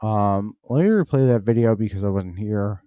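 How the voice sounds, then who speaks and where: A man's voice: fairly low pitch, moderate pace, smooth, dry recording, narrow, tinny audio. A tipsy man hosting a comedy podcast from home, rambling, stumbling over his words and cursing as he reacts to a news clip. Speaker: podcast host. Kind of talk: casual comedic commentary.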